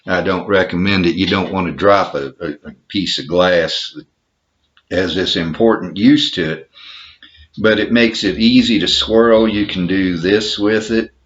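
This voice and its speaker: A man from Texas, with a Texan accent, casually shows something off in a home video, speaking in an easygoing, self-deprecating way. His low voice is unhurried and a bit bright, and the show-and-tell vlog has a dull, lo-fi home recording quality.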